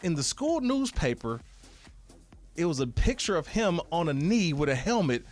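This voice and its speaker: A man's voice: fairly high pitch, moderate pace, soft background music. A man co-hosting a sports radio show, telling funny stories in casual chat. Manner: lively anecdotes with swooping delivery. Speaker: radio co-host. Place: radio studio.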